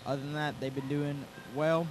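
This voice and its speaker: A young man doing color commentary at a school basketball game, relaxed and analytical, announcing substitutions. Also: a little high, moderate pace, background noise. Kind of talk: sports commentary.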